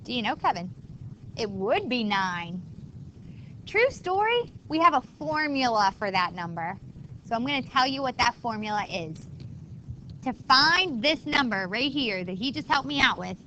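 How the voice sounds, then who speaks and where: Woman math teacher, bright tone, chatty classroom explainer, slight room noise. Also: a little high, animated, normal speed, rough recording. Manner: chatty, explains step by step to students. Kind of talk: classroom lecture.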